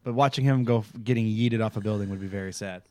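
A man co-hosting a casual podcast, talking about a TV show with friends, animated and laughing often. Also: quick pace, no echo. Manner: animated, laughing, jumps into high voices for quotes. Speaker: podcast co-host.

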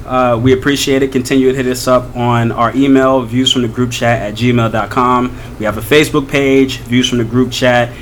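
A man co-hosting a podcast in casual, animated chat, laughing and teasing his friends. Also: mid-range voice, normal speed, few pauses, a little hiss or hum. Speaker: podcast co-host.

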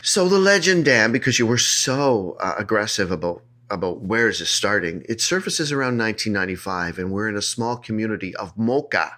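Low-voiced joking male podcast host. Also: expressive, a little fast, hardly any pauses, sharp tone. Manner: playful, jokey, puts on silly voices. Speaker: podcast host telling a legend. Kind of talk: casual storytelling chat.

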